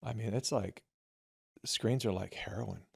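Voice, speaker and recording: A middle-aged man, a filmmaker guest, telling animated family anecdotes and acting out the dialogue. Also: lowish voice, unhurried, creaky, husky. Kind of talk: storytelling in conversation.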